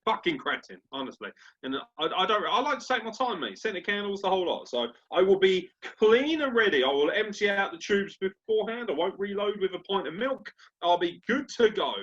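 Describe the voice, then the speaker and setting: A man co-hosting a casual sports podcast, swearing freely and bantering in an animated, crude way. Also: high voice, fairly quick, hardly any pauses. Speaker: podcast co-host. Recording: dull lo-fi podcast audio.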